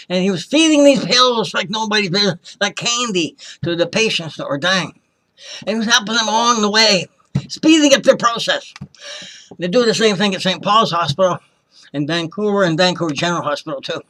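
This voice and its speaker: Impassioned high-voiced man giving testimony. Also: fairly quick, sharp tone. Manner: impassioned and accusing, repeats himself, acts out quoted voices. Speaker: former hospital patient giving testimony. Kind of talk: personal testimony, storytelling.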